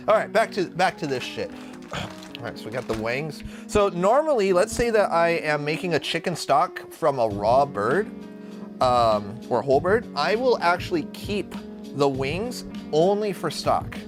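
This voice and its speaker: A man's voice: fairly high pitch, sing-song, unhurried. Brash, profane young man streaming a cooking session. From Arizona. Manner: brash, profane, jumps between topics. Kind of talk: casual live-stream cooking chat. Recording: music playing under the voice. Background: guitar music.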